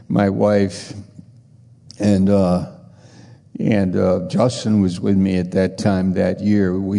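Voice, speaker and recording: An older man in his sixties delivers a slow, earnest sermon, his low, gravelly voice dark and mellow. He talks conversationally and repeats key phrases. A long reverb trails each phrase through the hall. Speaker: preacher. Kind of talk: sermon with personal testimony.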